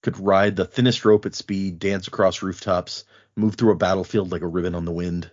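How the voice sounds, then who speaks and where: Guy putting on a low grim lawkeeper, slow and solemn, husky, muffled sound. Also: fairly even intonation, darkish tone. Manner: solemn, measured. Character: grave stern male enforcer of the law.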